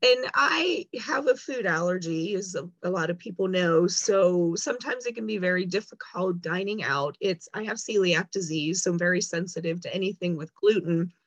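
A woman's voice: on the low side, lively intonation, normal speed, few pauses, no room sound. Woman chatting away, telling a story and doing little voices for people, kinda muffled, dry sound. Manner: chatty storyteller, acts out quoted lines. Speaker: guest. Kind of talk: casual chat.

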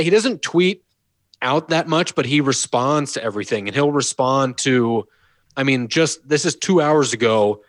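A man's voice: mid-range voice, dry recording. A man hosting a casual sports podcast, amused and laughing as he talks. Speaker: podcast host.

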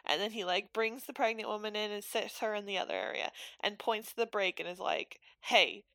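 A woman on a podcast retelling a film's ending in casual chat, animated, swearing freely and acting out the characters' lines. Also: mid-range voice, brisk, dry recording. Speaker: podcast co-host. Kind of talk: casual movie recap.

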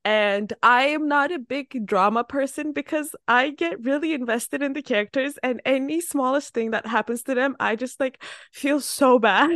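A woman podcast host in casual interview chat, chatty and animated, laughing often as she tells stories. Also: sits high, moderate pace, no room sound, clean studio sound.

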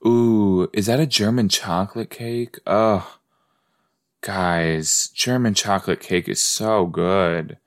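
A man's voice: on the low side, steady tone, slow pace. A man hosting a casual watch-along podcast, chatty and full of exclamations, often trailing off mid-thought. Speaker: podcast host reacting to a sitcom.

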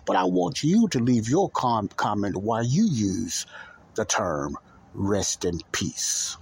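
A man's voice: lowish voice, very animated, slow pace, gravelly, husky. A man hosting a Christian talk show, talking earnestly and repetitively straight to his listeners. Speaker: podcast host.

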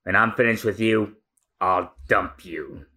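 A man voicing a menacing pirate captain in a low, threatening mutter. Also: measured pace, bright, forceful tone.

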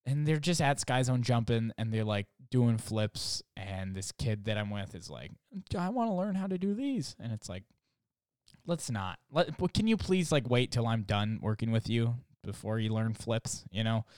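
Young guy rambling thru a funny story, lots of "like", swears, smooth voice, dry close sound. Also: fairly low pitch, moderate pace, darkish tone, no echo. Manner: rambling, full of "like", profane, acts out others' lines. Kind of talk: casual comic storytelling.

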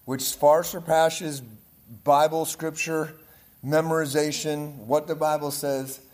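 A man with a Pittsburgh accent preaching to a leadership group, energetic and repetitive, often checking in with his listeners. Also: a little high, slow pace. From Pittsburgh area, Pennsylvania. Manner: energetic, repeats words, checks in with "right?" and "amen?". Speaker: guest preacher. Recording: echoey room with audience responses. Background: audience responses.

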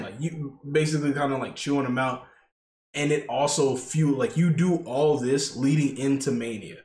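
A man's voice: medium pitch, steady tone, moderate pace, a little mellow. A man co-hosting a podcast, retelling events in a rambling way, stuffed with "like" and "basically". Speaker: podcast co-host. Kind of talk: casual chat. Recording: echoey room with faint noise.

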